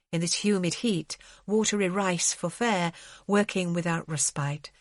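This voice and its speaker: A woman narrating an audiobook in a measured way, slowing on grave passages. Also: lowish voice, dry recording, studio quality. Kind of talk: scripted narration.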